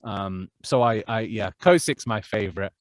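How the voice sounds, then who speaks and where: A man's voice: fairly low pitch, moderate pace, dry recording, studio quality. A man who narrates audiobooks, chatting casually as an interview guest, with lots of fillers and restarts. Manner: chatty, self-deprecating, many fillers and restarts.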